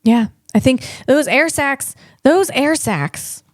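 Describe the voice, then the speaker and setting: A woman comedian hosting her own podcast, reading facts and breaking off into playful riffs. Her voice sits fairly high, and she talks slowly, tripping over tricky words. The sound is dry and close. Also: animated, dry recording. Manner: playful, riffing asides, stumbles on hard words. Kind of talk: solo comedic podcast monologue.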